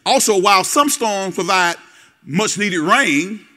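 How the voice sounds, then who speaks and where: A man preaching a call-and-response sermon, folksy and direct with the congregation, repeating words and building to shouts. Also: sits high, animated, unhurried. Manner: folksy, talks straight to the congregation. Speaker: pastor.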